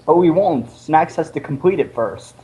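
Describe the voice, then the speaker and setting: A man playing in a tabletop game, quick to protest in an exasperated way. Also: fairly high pitch, lively intonation, warm tone, low-quality recording. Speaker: player. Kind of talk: casual tabletop game chat.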